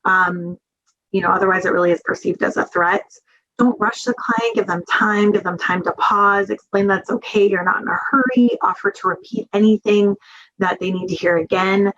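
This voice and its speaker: A woman's voice: mid-range voice, steady tone, moderate pace, fairly bright tone, dull audio. A woman giving a webinar training talk in an earnest, conversational way, with many fillers, over a video call. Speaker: webinar presenter.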